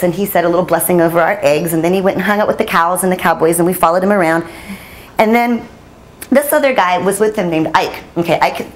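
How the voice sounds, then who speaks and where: A woman journalist telling stories at a storytelling summit, lively and laughing, acting out the voices she quotes. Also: fairly low pitch, slight background noise. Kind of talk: animated storytelling talk. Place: conference hall.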